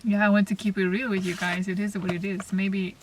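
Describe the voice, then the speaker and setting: Lady doing a gentle card reading, kinda far from the mic, bit of background hiss. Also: medium pitch, little pitch movement. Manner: soft, reflective, pauses and restarts. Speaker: oracle card reader. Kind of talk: spiritual card reading to camera. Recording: slightly distant mic, faint noise.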